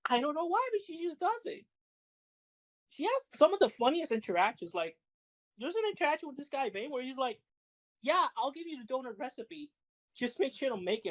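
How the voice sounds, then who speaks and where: A woman co-hosting a podcast, telling fighting-game stories in animated, laughing casual chat with some swearing. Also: on the high side, rough recording. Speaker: podcast co-host.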